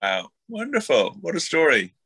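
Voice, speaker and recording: Male interviewer, casual and joking, bright voice, dry close recording. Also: fairly high pitch, wildly swooping pitch, normal speed, slightly rough, dry recording. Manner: joking, encouraging listener. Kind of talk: casual chat.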